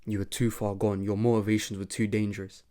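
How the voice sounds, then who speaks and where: A man voicing a stern male secret agent hero in an amateur dramatic reading, speaking in a hushed, earnest way. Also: fairly low pitch, little pitch movement, quick pace, natural voice. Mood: grave.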